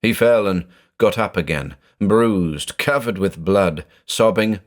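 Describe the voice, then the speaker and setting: A man narrating a horror story in a dramatic, expressive reading style. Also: deep voice, slow pace.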